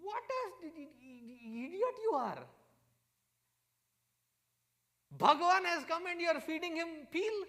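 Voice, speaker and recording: Man putting on a shrill scolding Indian wife. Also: sing-song, fast, mellow, big-room sound, heavily acted. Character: scolding devoted middle-aged housewife.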